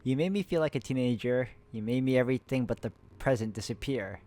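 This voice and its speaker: A man of middle pitch plays through a puzzle game with a friend. He reads in-game letters aloud in a plain, even voice. Between passages he breaks off to chat and laugh with her. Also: fast. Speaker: host, playing a co-op puzzle game. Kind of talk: casual game commentary, reading in-game letters aloud.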